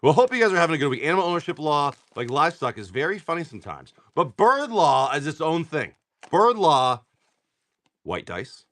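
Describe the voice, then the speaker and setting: A tired man chatting on a live stream as he opens card packs, excitable, swearing and laughing, talking to viewers by name. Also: mid-range voice. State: tired from poor sleep. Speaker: livestream card seller. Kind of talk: casual live-stream chat while opening card packs.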